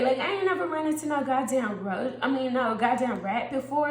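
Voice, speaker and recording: A woman tells a storytime tale in a casual, animated way, full of profanity and laughter. Her voice sits fairly high. The room around her echoes. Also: normal speed. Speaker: storytime vlogger.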